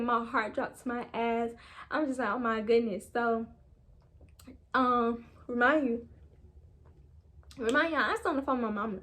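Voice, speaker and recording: Young woman, animated storytelling, slangy, direct to viewers, slightly high voice. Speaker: vlogger. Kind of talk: storytime vlog.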